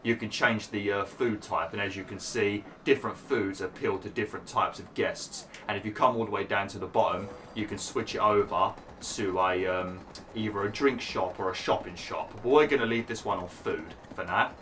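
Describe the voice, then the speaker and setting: A man hosting a gaming channel, explaining a park-building game step by step with lots of fillers while his voice is going hoarse. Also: fairly low pitch, moderate pace, fairly bright tone, slight background noise. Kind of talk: casual gameplay commentary.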